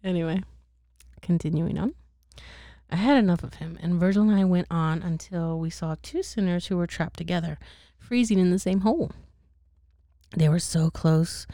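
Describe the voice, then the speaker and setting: Low, gravelly-voiced woman reading a bedtime story. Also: dark tone, dry recording, clean studio sound. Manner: casual, profane, laughing at her own slips. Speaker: reader.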